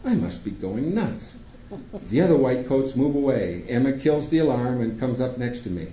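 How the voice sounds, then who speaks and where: A man reading a first-person story aloud to an audience in a theater, steady and measured. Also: mid-range voice, slight background noise. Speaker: reader at a public reading. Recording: echoey room, dull lo-fi sound.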